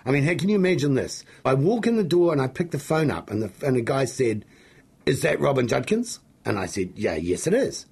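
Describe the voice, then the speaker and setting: A middle-aged man with a New Zealand accent and a gravelly, husky voice, telling stories as an interview guest in an excitable, jokey, rambling way. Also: medium pitch, a little fast, few pauses. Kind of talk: animated storytelling in an interview.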